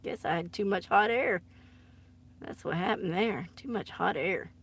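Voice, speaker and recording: A woman's voice: medium pitch, a little slow, husky. A woman chatting casually on a live stream, giggly and teasing, often dropping into embarrassed whispers. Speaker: artist live-streaming to viewers. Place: home art studio.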